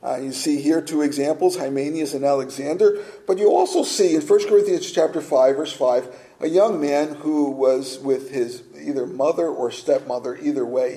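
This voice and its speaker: Male pastor, sermon, earnest rhetorical questions, mellow slightly high voice, roomy church echo.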